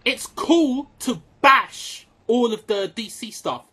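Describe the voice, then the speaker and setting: A man giving a casual, excitable film review, swearing freely and filling his talk with "like" and "um". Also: very high voice, slow, slightly rough. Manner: excitable, swears a lot, many fillers.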